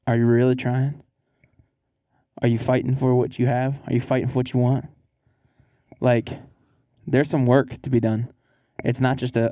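A man's voice: a little slow, long pauses, no echo, clean studio sound. Laid-back man chatting on a podcast. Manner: animated storyteller, mimics others with high put-on voices. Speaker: podcast co-host. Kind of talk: casual chat.

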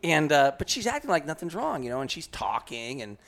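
A man's voice: fairly high pitch, wildly swooping pitch, a little fast, fairly bright tone. A man casually telling a long story on a podcast, rambling with lots of fillers and restarts. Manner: rambling, many fillers and restarts, laughs often. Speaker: hunting guide telling a story.

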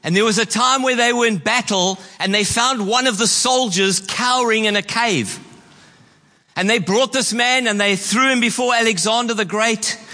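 Male pastor, high bright voice, sermon in a reverberant church hall, emphatic slow stresses.

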